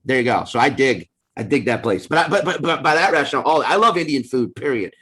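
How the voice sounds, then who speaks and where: A man appearing as a comedian guest on a podcast, talking in an animated way with frequent restarts. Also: mid-range voice, fast talker, slightly rough. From US South. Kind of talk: casual chat.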